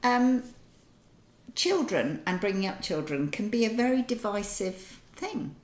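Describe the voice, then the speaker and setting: An older woman speaks with a lively, rising and falling voice. She chats in a thoughtful way with pauses. The sound carries a roomy kitchen echo. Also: mid-range voice. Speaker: podcast co-host. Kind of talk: casual chat.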